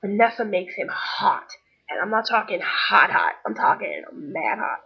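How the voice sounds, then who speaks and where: Young woman telling a story on her vlog, chatty, kinda husky, muffled lo-fi webcam sound. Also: mid-range voice, unhurried. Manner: chatty, animated, acts out quoted people.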